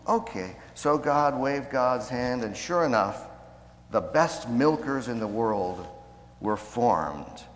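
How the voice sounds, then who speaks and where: A man preaching a sermon in a measured way, slowing down to stress key phrases. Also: medium pitch, expressive, long reverb tail. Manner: measured, slows down for emphasis.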